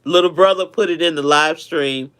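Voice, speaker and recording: A man's voice: fairly high pitch, normal speed, pushed and bright, smooth. A man hosting a casual live stream, chatting affectionately with viewers and often repeating himself.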